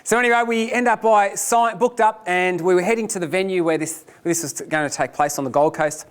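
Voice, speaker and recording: A man giving a lecture, telling a personal story in an animated, self-deprecating way. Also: high voice, brisk, clear, resonant tone.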